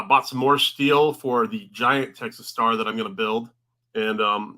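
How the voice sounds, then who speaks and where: A man's voice: mid-range voice, bright, forceful tone. A man co-hosting a podcast, telling rambling casual stories full of "uh" and "um". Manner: rambling storyteller, lots of "uh" and "um". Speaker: podcast co-host.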